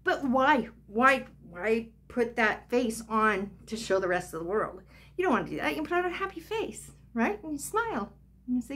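A woman's voice: high voice, sing-song, normal speed, fairly bright tone. An older woman vlogging, telling a personal story in a chatty, rambling way full of asides.

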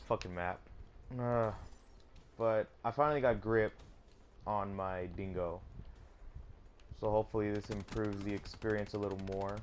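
A young man with a low voice talks over his own match and swears almost every line. Frustrated mutters and sighs keep breaking into sudden loud outbursts. Faint clicking sounds run behind him. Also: steady tone, takes it slowly, long pauses, slight background noise. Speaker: gaming YouTuber. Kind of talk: live gameplay commentary.

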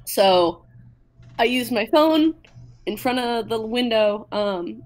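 A woman's voice: on the high side, expressive, slow pace, darkish tone. A young woman guesting on a podcast, chatting casually with lots of fillers and giggles over a video call. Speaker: podcast guest, makeup creator. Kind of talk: casual chat.

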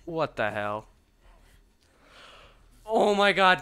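A man commentating his own match live, his pitch leaping all over as he reacts. His tone is bright and sharp, and he swears freely, dropping to mutters and then bursting into yells. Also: measured pace, pauses often, clean tone. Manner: excitable, profane, swings between mutters and shouts.

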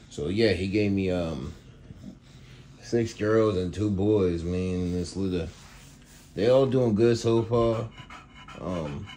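A man's voice: low-pitched, dark tone, a little hiss or hum. A man casually vlogging about his dog kennel, rambling and laid-back, talking to viewers with lots of y'all and man. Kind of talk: casual vlog. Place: indoors at home kennel.

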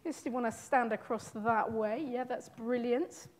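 A woman's voice: fairly high pitch, steady tone, a little slow. A woman leading a church service, enthusiastic and informal as she responds to a testimony and moves on to baptisms. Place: church hall. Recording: long hall reverb.

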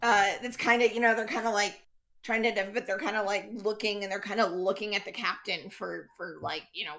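A woman's voice: medium pitch, steady tone, brisk, gravelly, a bit bright. A woman serving as game master in a tabletop role-playing game, explaining rules and scenes in a loose, chatty way full of fillers.

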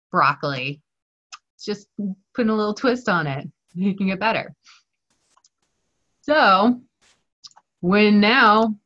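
A woman's voice: medium pitch, sharp tone. A woman instructor leading a live online culinary class in a chatty, joking manner over a video call. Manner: playful, chatty, jokey. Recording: muffled online call audio.

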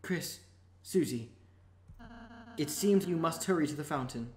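Lady voicing soft stammery gentle prince boy, low-ish voice, echoey room. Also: expressive. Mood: timid. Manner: soft, halting and apologetic. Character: shy gentle fluffy young prince.

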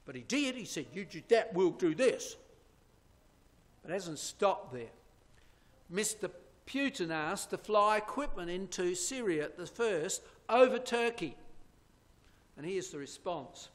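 A man's voice: high-pitched, sing-song, a little slow, a bit bright. A man giving a sermon-style Bible prophecy lecture to his congregation. He speaks emphatically, points at slides and asks rhetorical questions. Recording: long hall reverb.

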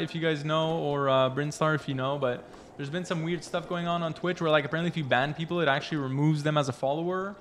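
A young man live-streaming a game, chatty and excitable, reading chat aloud and reacting playfully. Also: fairly high pitch, a little hiss or hum.

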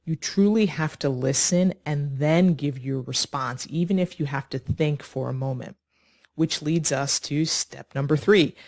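A woman teaching an online English lesson, speaking slowly and clearly in an encouraging way. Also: low voice, a little mellow. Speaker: ESL teacher.

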